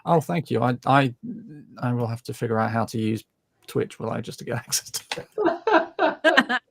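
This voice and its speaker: A man talks on a casual livestream call. His voice is gravelly and sits in a mid range. The sound is dry and close, and he rambles in a self-deprecating way. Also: medium pitch, huge pitch swings, normal speed, a bit bright, no echo. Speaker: livestream host. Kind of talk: casual group chat.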